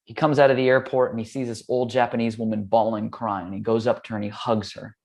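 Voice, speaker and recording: A man's voice: mid-range voice, little pitch movement, fast, darkish tone. A man from the United States, a yoga teacher, telling a personal story in a candid, casual way with loose fillers.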